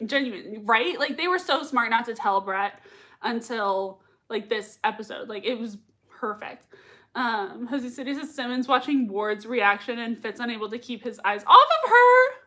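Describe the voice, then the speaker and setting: Young woman streamer, high bright voice, gushing, giggly, chatty and loose with plenty of fillers. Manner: gushing, quick to laugh, many fillers. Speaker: livestream reaction host. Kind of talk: casual live chat reading comments.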